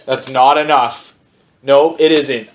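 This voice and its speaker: A man's voice: medium pitch, fairly even intonation, slow pace, close to an everyday voice. A man voicing an angry, entitled male customer who rants and swears. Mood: indignant. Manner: loud, swearing, indignant.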